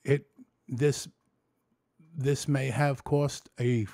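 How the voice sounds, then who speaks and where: A man's creaky voice stretches out his words as he rambles through a candid vlog, restarting and swearing while he recounts his story emotionally. He alternates between animated storytelling and subdued reflection, captured as a dry recording with clean studio sound.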